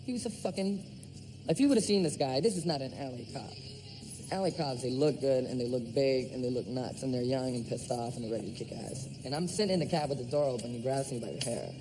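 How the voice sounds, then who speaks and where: A man's voice: medium pitch, fast talker, background noise. A man in a band, telling brash stories with laughter in a documentary interview. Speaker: band member.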